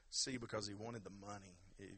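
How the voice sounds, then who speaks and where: A man's voice: on the low side, sharp tone. A man preaching a sermon in a conversational, emphatic way and urging the congregation to give praise. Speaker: pastor.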